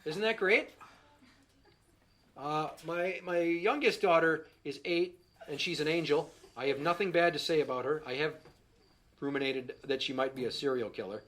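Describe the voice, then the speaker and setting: A man's voice: fairly high pitch, normal speed, a bit bright, a little hiss or hum. A man in his thirties doing a stand-up set about his kids, profane and exasperated, telling stories on a handheld mic in front of a live audience. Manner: profane, exasperated storytelling, voices his young son. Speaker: stand-up comedian. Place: small comedy stage before a live audience. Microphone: handheld microphone.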